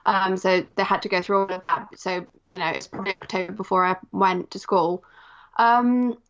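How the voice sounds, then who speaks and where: A woman's voice: medium pitch, steady tone, normal speed, a bit bright, lo-fi sound. A Polish-born woman who speaks with an English accent, a guest on a podcast interview, talking reflectively with many small fillers. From Poland. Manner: reflective, with frequent "kind of" and "um".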